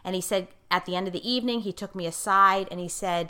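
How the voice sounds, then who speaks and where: Speaking fast with hardly any pauses, this woman life coach has a medium-pitched voice that is sharp yet clean. In casual conversation she hammers her points emphatically, repeating key phrases, and describes herself as outspoken and in-your-face.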